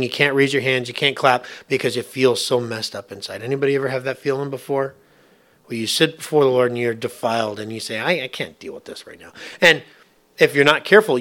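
Pastor, male, bright slightly high voice, conversational sermon full of rhetorical questions.

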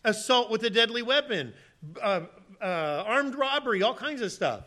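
A male pastor preaches in a high, bright voice. He tells stories with animated energy and breaks into loud, pleading acted-out lines before dropping back to a soft, confiding tone. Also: moderate pace. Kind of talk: sermon.

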